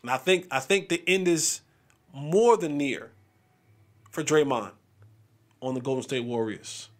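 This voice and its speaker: A man's voice: mid-range voice, unhurried. A man hosting a sports talk show, chatting casually and animatedly, acting out what players say.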